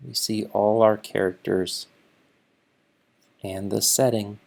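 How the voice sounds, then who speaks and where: Male teacher reading a children's picture book aloud, very slow, gravelly and husky, explaining each page. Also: on the low side, flat delivery.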